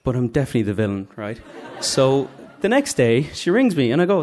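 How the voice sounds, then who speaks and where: A man's voice: medium pitch, very animated, a little fast, few pauses, darkish tone. A man from Dublin with a Dublin Irish accent, telling a funny, self-mocking story live onstage and acting out the voices. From Dublin, Ireland. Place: stage at a live story night.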